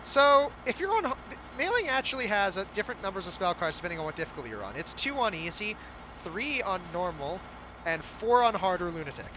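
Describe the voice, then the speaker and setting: A young man giving casual gameplay commentary as the game's developer, relaxed and self-deprecating, often restarting his sentences. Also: high voice, a little fast, muffled recording, noisy background. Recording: game music playing faintly behind.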